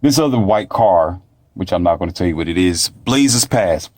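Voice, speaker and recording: A man's voice: low-pitched, lively intonation, moderate pace, darkish tone, dry recording. A man telling a story in a blunt, preachy monologue that repeats itself. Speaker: vlogger.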